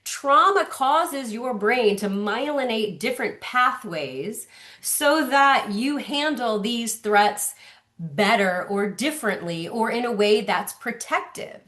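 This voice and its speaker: A woman speaker teaching parents in a lunch-and-learn session. She tells stories with animated energy and slips into playful voices to act them out. Her voice sits a little high. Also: slow pace. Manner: animated storytelling with acted-out voices.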